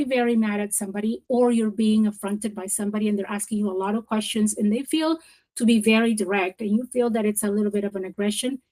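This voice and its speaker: A woman presenting a professional development webinar in a lively, encouraging coaching manner, stressing key words and repeating them for effect. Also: mid-range voice, low-quality recording.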